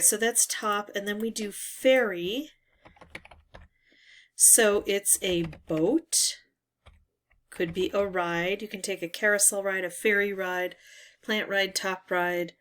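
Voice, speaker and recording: Slow, musing woman thinking aloud. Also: mid-range voice, fairly bright tone. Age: adult parent. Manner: musing, hesitant, pauses with "um". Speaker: word-game channel host. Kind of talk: thinking-aloud puzzle talkthrough.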